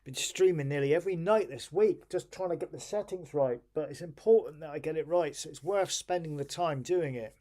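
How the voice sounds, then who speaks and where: A man's voice: a little high, a little fast, hardly any pauses, mellow. A tired man casually thinking aloud on a live stream while he waits on an old home computer to finish a job.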